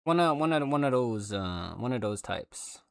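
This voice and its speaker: A man's voice: mid-range voice, lively intonation, moderate pace, vocal fry, dry recording. Rambling male streamer, dry sound. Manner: rambling, chatty, full of fillers and restarts. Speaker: livestreamer. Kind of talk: casual livestream chat.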